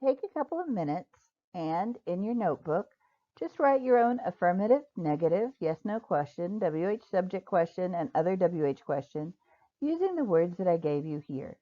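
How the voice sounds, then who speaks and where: A woman teaching English grammar in a recorded online lesson, patiently spelling out example sentences slowly. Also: lowish voice, very animated. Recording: dull lo-fi recording.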